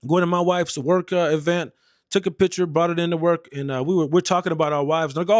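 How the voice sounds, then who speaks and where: A man's voice: fairly high pitch, fairly even intonation, fast, no room sound, studio quality. A young American man and Air Force veteran telling stories in a blunt, heated, profane way. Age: young adult. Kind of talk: casual storytelling rant.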